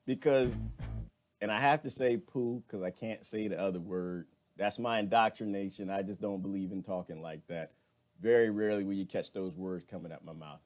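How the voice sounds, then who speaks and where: A man's voice: low voice, normal speed, darkish tone, soft background music. A man hosting a casual live stream, chatting with viewers and laughing often.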